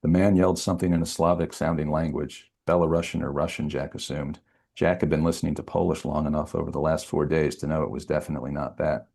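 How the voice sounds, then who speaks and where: A man, a novelist, reading a passage from his own thriller aloud in a steady, measured way. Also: very deep voice, gravelly, breathy edge.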